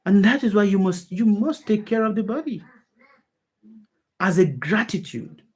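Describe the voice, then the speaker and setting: Over a video call, a female spiritual teacher addresses an online group with an emphatic, animated delivery, asking many rhetorical questions and repeating her key phrases. Her mid-range voice is husky with a darkish tone, at normal speed.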